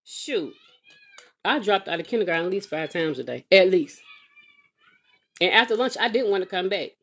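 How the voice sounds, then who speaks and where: Woman, mother, comedic vlog rant, sassy, exasperated, animated, big pitch swings. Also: moderate pace. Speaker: mother of a kindergartner. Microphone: phone or webcam vlog.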